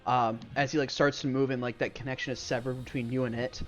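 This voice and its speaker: This game master speaks fast in a mid-range voice that barely shifts in pitch, with soft background music underneath. His tabletop narration is loose and filler-heavy, full of "like" and "um," and the stream recording is dull and lo-fi.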